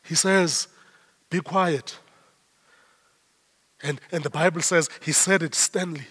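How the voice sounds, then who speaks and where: High-voiced South African preacher, echoing. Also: male voice, moderate pace, a bit bright, husky. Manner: emphatic, repeats phrases in rising waves. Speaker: pastor. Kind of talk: sermon. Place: church. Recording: long church hall reverb.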